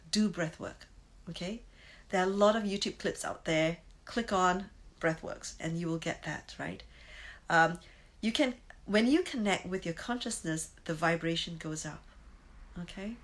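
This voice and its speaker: A woman in her fifties giving a casual spiritual lesson, chatty, often tagging lines with "right?" and breaking into high exclamations. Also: rough recording. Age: 50s. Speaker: spiritual course teacher. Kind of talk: casual teaching talk.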